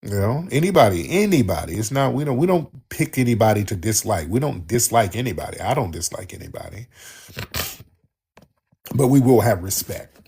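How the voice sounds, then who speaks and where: Fielding callers on a talk show, this host speaks at a moderate pace with a fairly low, creaky voice that has a breathy edge. His animated chatter is emphatic and full of repetition.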